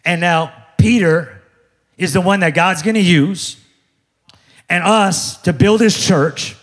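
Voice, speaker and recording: A man with a high voice preaches a lively sermon from a church stage. He jokes, shifts into little acted voices of other people, and keeps his congregation involved. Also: takes it slowly. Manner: animated, jokey, acts out voices of others. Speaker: pastor. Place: large church before a congregation.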